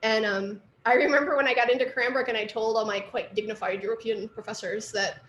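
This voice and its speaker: A woman's voice: a little high, fairly even intonation, fairly quick, fairly bright tone, echoey room, slight background noise. A middle-aged woman, an artist and art teacher, giving a casual lecture with lots of asides and fillers. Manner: chatty storytelling with fillers and asides.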